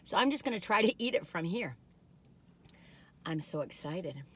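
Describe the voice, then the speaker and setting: A woman's voice: fairly low pitch, animated, normal speed, fairly bright tone, husky. A middle-aged woman chatting casually while taste-testing food, rambling and giggling as she goes. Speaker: food reviewer.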